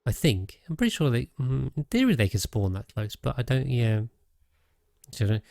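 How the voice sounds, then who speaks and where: A man's voice: mid-range voice, sing-song, moderate pace, creaky, a little mellow, dry recording, studio quality. A man streaming a game, thinking aloud in casual commentary with frequent restarts and trailing sentences.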